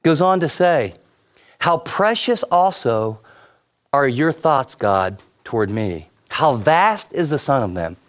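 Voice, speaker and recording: A man preaching a sermon with an easy, conversational delivery. His voice sits in a middle pitch, and he stacks short repeated phrases as he leans into his points. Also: sing-song, slow, a bit bright. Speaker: pastor.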